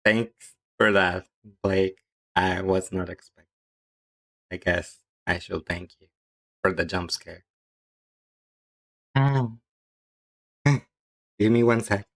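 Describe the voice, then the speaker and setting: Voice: low-pitched, slow pace, pauses often, a bit bright. A game streamer chatting casually with viewers, reading chat aloud and giggling often.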